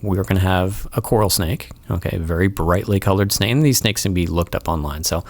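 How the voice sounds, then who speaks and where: A man with a low voice talks through wildlife problems as a studio guest. He explains patiently, pausing on ums and restarting phrases. The sound is dry and close. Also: no room sound. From Florida. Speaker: guest wildlife removal expert. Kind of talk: casual studio interview. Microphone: studio mic.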